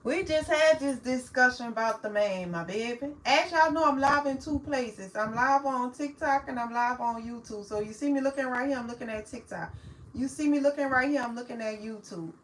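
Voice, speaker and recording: A woman, chatting casually with viewers on a livestream, affectionate and quick to laugh. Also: fairly high pitch, low-quality recording. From New Orleans, Louisiana. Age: 40s. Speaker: livestream host.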